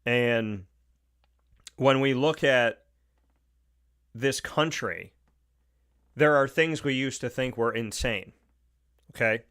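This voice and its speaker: A man's voice: mid-range voice, takes it slowly, long pauses, a bit bright, clear, resonant tone. A man hosting a talk show with an Upstate New York accent, delivering an opinionated monologue, emphatic and repeating his points. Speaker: radio show host.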